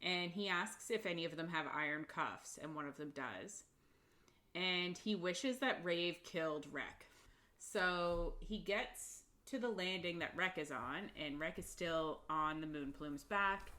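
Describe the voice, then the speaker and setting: Podcast co-host, female, unhurried and low, chatty summarizer who laughs easily. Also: bright, forceful tone. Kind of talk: casual book recap chat.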